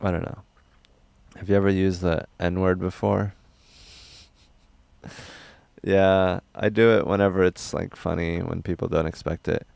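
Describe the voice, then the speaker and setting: A young man livestreaming, reading chat questions aloud in a loose, rambling, crude and deadpan way. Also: deep voice, measured pace, vocal fry, long pauses, dry recording.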